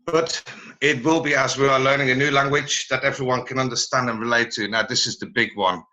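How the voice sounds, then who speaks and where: A man giving a presentation over a video call, halting and searching for his words as he goes. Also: mid-range voice, fairly even intonation, pushed and bright, rough recording. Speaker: presenter at a learning network meeting. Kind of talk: online meeting presentation.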